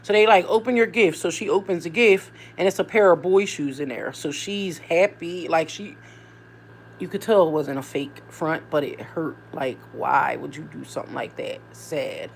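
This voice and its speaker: Low-pitched and creaky, a woman talks at normal speed over a slight hiss or hum. She's a vlogger and mom, rambling casually to her viewers with lively asides as one thought leads to another.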